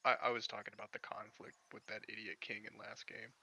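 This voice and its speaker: A man's voice: on the low side, monotone, quick pace, vocal fry, bright, forceful tone, slightly rough. A man chatting casually as a player at a tabletop game, asking questions. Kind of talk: casual chat at the gaming table.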